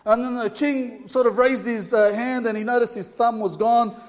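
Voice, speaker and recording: A man's voice: very high-pitched, steady tone, normal speed. A man preaching a sermon in an informal, earnest way, telling a story with fillers. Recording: long hall reverb.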